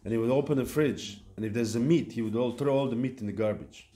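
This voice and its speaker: A man giving a devotional lecture at a temple, speaking in a halting way with fillers and restarts. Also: medium pitch, mellow. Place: temple hall.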